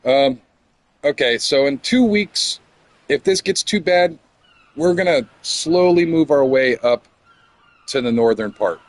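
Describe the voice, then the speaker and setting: A man's voice: a little high, animated, unhurried, dry recording. Rambling middle-aged man telling a story. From Florida. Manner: rambling, repeats words when stumbling. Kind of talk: casual storytelling.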